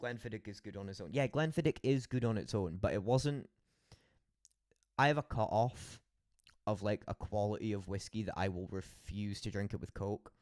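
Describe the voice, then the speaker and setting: A young man with a Scottish accent talks in a lowish voice, telling loose, sweary stories for his stream. The sound is dry and close. He drifts from one tale to the next with plenty of laughs. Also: moderate pace, a little mellow, no room sound. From Scotland. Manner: rambling, swearing storyteller with frequent laughs. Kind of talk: casual late-night stream chat.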